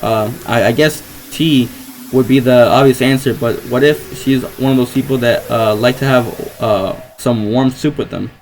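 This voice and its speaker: A man's voice: medium pitch, steady tone, normal speed, a little hiss or hum, low-quality recording. A young man playing a visual novel, reading the text aloud and rambling hesitantly between lines, full of fillers and restarts.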